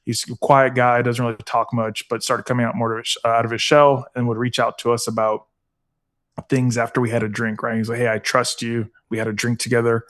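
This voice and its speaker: Getting emotional and teary, a middle-aged foundation founder talks earnestly as a podcast guest in a casual interview, filling his speech with fillers. His voice is mid-range with a flat delivery, brisk and fairly bright in tone.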